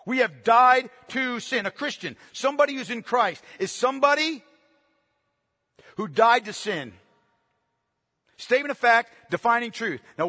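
A man preaching a sermon, emphatic, repeating phrases for stress, shifting between hushed and loud passages. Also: very high-pitched. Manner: swings from quiet to loud. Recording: long echo of a large hall.

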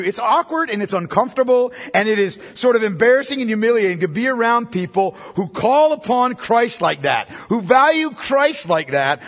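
Pastor guy preaching, high husky voice, big hall reverb, gets loud then goes quiet. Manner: impassioned preaching, swinging from loud to hushed. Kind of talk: sermon. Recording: long reverb of a large hall.

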